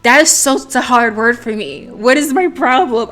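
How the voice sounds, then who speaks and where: A woman's voice: fairly high pitch, normal speed, few pauses, fairly bright tone. Giggly woman playing a game. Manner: giggly and self-mocking. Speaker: gaming video host. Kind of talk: let's play commentary.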